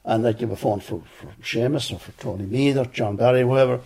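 A man's voice: medium pitch, fairly quick, hardly any pauses, warm tone, husky. An older man telling anecdotes in an interview, acting out other people's words. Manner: anecdotal, acts out quoted voices. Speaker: interviewee, former journalist. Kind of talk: storytelling interview.

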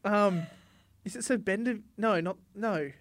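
A woman's voice: medium pitch, a little slow, dry recording, clean studio sound. A woman chatting casually, retelling a film scene by scene and laughing often as she acts out quotes.

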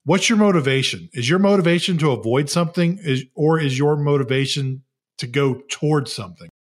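A man's voice: on the high side, brisk. A man in his thirties co-hosting a casual faith podcast, conversational and joking. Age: 30s. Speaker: podcast co-host.

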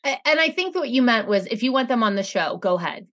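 A woman's voice: a little high, expressive, quick pace, a bit bright. A middle-aged woman co-hosting a casual rewatch chat, telling stories animatedly and swearing freely. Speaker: podcast co-host.

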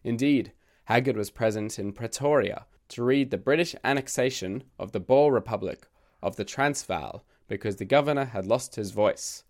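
Reading a scripted essay for the literature podcast he hosts, this man adds wry, humorous asides. He speaks at medium pitch and a moderate pace, his voice croaky after being sick recently.

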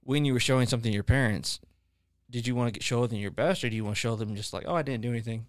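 This man hosts a podcast and talks fast at a medium pitch, casually discussing faith with his guests. His long, rambling stories are full of fillers and restarts, recorded with clean studio sound and no echo.

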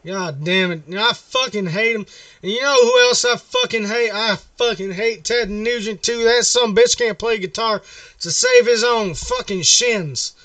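A man with a drawl rambles through a prank call, swearing freely and playing at being friendly. His voice sits fairly high. The sound is dry and a little distant from the mic. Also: animated, measured pace, bright, forceful tone, no room sound. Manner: rambling, profane, mock-friendly. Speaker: prank caller.

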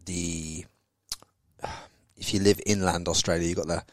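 A man's voice: low-pitched, fairly even intonation, a little slow, no room sound. A man hosting a podcast, bantering casually, swearing freely and repeating words as he starts sentences. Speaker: podcast host. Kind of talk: casual chat.

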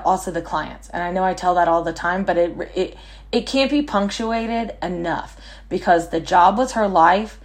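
Brief: woman, lowish voice, casual podcast storyteller, self-deprecating. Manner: chatty, self-mocking, quick asides. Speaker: podcast host.

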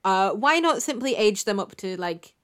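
A woman in casual film chat, thoughtful, often trailing off into quieter asides. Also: mid-range voice, lively intonation, normal speed.

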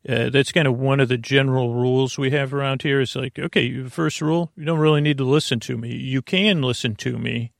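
Creaky, meandering man hosting a podcast. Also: mid-range voice, fairly even intonation, brisk, few pauses, dry recording, clean studio sound. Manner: meandering, soft, full of filler and restarts. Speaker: podcast host. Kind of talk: rambling bedtime talk.

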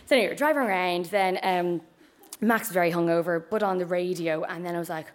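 A woman's voice: fairly low pitch, fast talker. A young woman with an Irish accent telling a story, chatty and full of asides. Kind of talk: live storytelling.

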